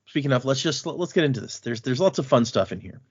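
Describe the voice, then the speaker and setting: A man's voice: medium pitch, animated, fast, husky. A man co-hosting a podcast, chatting casually about a book, laughing often and retelling scenes. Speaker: podcast co-host. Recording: dull lo-fi audio.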